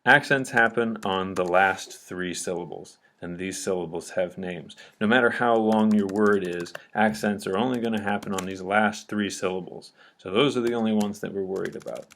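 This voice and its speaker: Male teacher, lowish voice, patient step-by-step lecture, light typing behind. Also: moderate pace, hardly any pauses, fairly bright tone. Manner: patient, step-by-step explaining with frequent "okay?" checks. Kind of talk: recorded grammar lecture.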